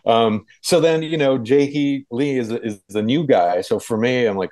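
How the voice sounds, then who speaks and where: Deep-voiced man reminiscing casually. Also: normal speed, hardly any pauses, a little mellow, dry recording, rough recording. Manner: rambling, many fillers and restarts. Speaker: guest. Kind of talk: casual interview recollection.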